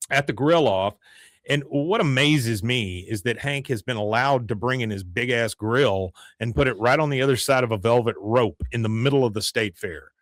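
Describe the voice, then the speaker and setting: A man's voice: medium pitch, normal speed, no echo, clean studio sound. A man hosting a podcast, casually recapping an episode and quoting the characters in shifting voices. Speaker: podcast host.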